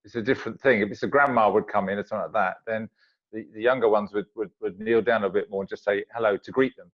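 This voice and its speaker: A man's voice: fairly low pitch, fairly even intonation, quick pace, muffled recording. A man, a guest on a video call, chatting casually and acting out little everyday exchanges. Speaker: interview guest. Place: home in Zambia.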